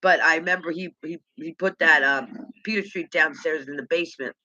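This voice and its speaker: Middle-aged woman vlogger, bright and forceful tone, meandering storyteller who stumbles and restarts, on a dull lo-fi recording. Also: low-pitched. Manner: halting, loose storyteller who repeats words and laughs at her own memories. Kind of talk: rambling personal storytelling.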